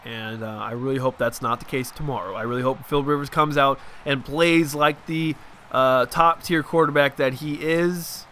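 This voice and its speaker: Bright-voiced young guy ranting about football. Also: mid-range voice, fairly even intonation, a little hiss or hum. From Southern California. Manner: rambling, chatty, quick to vent. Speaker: gaming channel host. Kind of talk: casual game commentary.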